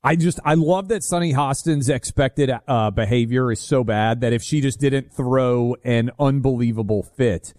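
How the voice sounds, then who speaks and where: Male talk-radio co-host, teasing and chatty, middle pitch, dry studio sound. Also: normal speed, hardly any pauses, a little mellow, no room sound. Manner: teasing, chatty, filler-heavy. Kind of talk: casual talk radio banter.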